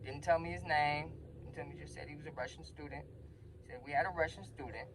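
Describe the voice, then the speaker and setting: A man telling a personal story in a casual storytime vlog, animated, using slang and acting out the voices. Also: on the high side, brisk, background noise.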